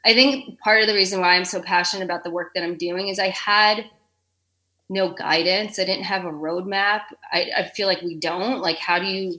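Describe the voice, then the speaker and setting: This is a woman in her thirties speaking as a guest on a podcast. Her voice sits slightly low but has a bright, forceful edge. She talks openly and emotionally, sprinkling in curse words and plenty of "like.". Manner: frank and emotional, swears freely, heavy use of "like". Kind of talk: candid interview conversation.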